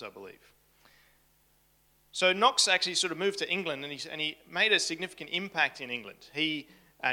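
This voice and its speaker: A man's voice: on the high side, pushed and bright. A man giving a casual history talk to a live audience in a room, chatty and full of joking asides. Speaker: camp speaker.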